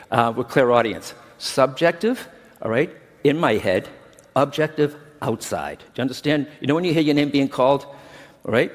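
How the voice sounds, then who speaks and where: A middle-aged man, a medium, gives a chatty conference talk and keeps checking in with the audience. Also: medium pitch. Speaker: medium teaching a workshop. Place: large conference hall. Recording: long reverb of a big hall.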